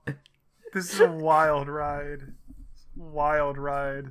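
A woman's voice: low voice, steady tone, extremely slow. A woman co-hosting a comedy podcast, reading a silly story aloud in a mock-storybook manner.

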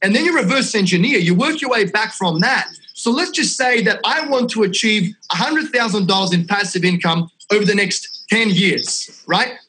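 An Australian man talking as a podcast guest, energetic and salesy, dropping "mate" and "right?" all through his talk. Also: high voice, moderate pace, few pauses, a little hiss or hum, poor audio. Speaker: real estate investment company owner, podcast guest. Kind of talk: casual podcast chat.

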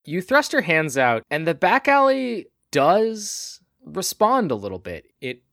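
A man narrating a tabletop role-playing game as game master, describing the scene in measured detail. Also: high voice, wildly swooping pitch, vocal fry, fairly bright tone, no echo, studio quality.

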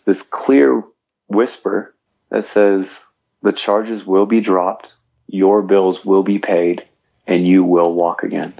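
Gravelly low-voiced man telling his story. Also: a little mellow, dull audio. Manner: earnest storytelling, many "you know" fillers. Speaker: guest, fitness trainer and motivational speaker. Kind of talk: personal story in a podcast interview.

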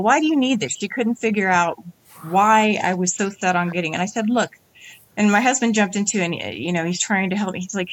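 A woman in her forties, an interview guest, telling her story in animated conversation and acting out the lines of others. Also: lowish voice.

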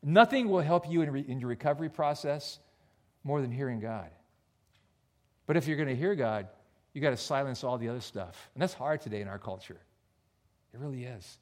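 A male pastor preaching a sermon, earnest and personal, dropping almost to a whisper on soft points. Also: a little high. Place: church.

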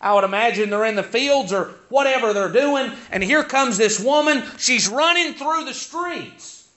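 A man preaches a sermon, his high voice swinging widely as he builds to emphatic peaks. He speaks slowly with a bright, forceful tone and leans on folksy rhetorical questions. The recording is dull and lo-fi. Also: big pitch swings.

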